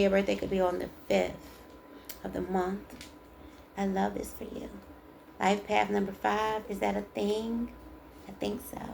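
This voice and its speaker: Gravelly-voiced woman doing a tarot reading. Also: mid-range voice, darkish tone, slight background noise. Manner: chatty, emphatic, encouraging, reads aloud and repeats. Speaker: tarot reader. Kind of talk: casual spiritual card reading.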